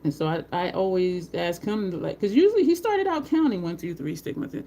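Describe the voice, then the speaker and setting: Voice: mid-range voice, expressive, brisk, vocal fry, warm tone, a little hiss or hum. Brief: talkative makeup host at home, rambling storyteller, mid-range voice, laughs often. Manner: greets live viewers by name. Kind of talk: casual chat while doing makeup.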